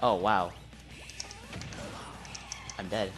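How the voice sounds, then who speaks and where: A man giving live gameplay commentary, trash-talking the opponent and muttering between loud outbursts. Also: on the low side, animated, slow, long pauses. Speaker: gamer. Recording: loud game music behind voice. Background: fighting game music and effects.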